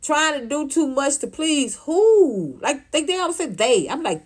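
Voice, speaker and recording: A woman, ranting casually to her livestream viewers, profane and animated, often laughing. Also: high voice, moderate pace, few pauses. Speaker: vlogger reacting to viewer comments.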